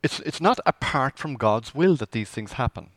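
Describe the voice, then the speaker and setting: A man's voice: mid-range voice, animated, moderate pace, a bit bright, no room sound. A man preaching a conversational sermon as pastor, asking the congregation rhetorical questions.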